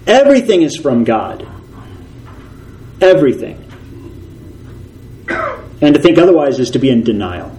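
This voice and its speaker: A man preaching a sermon as a pastor. He talks earnestly, repeats key phrases for emphasis and slows down when he reads scripture. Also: mid-range voice, big pitch swings, warm tone, a little hiss or hum, low-quality recording.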